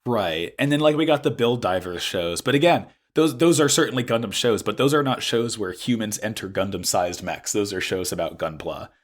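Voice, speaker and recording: A young man hosting a podcast in casual chat, hoarse from an illness, talking in an excitable, animated way. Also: fairly low pitch, moderate pace, hardly any pauses. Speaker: podcast host.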